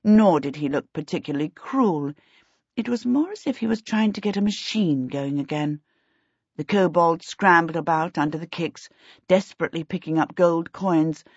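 A woman narrates a fantasy novel in a measured, even way. Her voice is low and husky. The sound is dry and a little dull. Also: no echo. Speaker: audiobook narrator. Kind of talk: scripted narration. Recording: dull, dry lo-fi audiobook recording.

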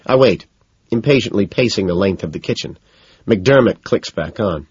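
A man narrating an audiobook in the first person, low-key and dejected. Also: lively intonation, normal speed, a little mellow, slightly rough, no echo. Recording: dull lo-fi sound.

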